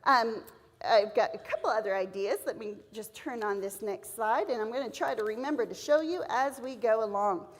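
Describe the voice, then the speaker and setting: In a church hall with echoey reverb, a woman gives a lively teacher-training seminar, acting out letter sounds and classroom scenes while she explains. Her voice is a little high and she speaks at normal speed.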